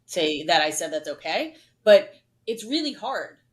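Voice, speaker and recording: A woman's voice: fairly low pitch, unhurried, rough recording. A middle-aged woman, a dental compliance consultant, chatting casually on a podcast, with lots of "like" and "right?" fillers. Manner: animated, many "like" and "right?" fillers.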